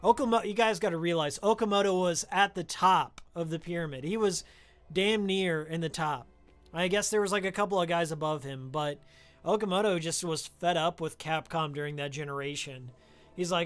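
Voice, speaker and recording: Live-streaming a game, a man with a slightly high, somewhat bright voice chats at a moderate pace and wanders into tangents about old games. He uses a studio microphone with a pop filter.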